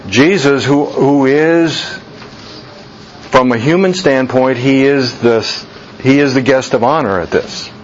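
A man preaching a sermon slowly and deliberately, jumping to a much higher pitch when he voices people's reactions. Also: lo-fi sound, slight background noise. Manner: slow deliberate preaching, voice leaps high for quoted reactions. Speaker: pastor.

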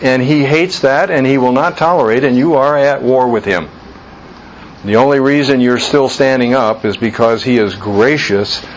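A man's voice: mid-range voice, highs cut off, slight background noise. A man leading an informal Bible study, talking earnestly and conversationally, repeating his points for emphasis.

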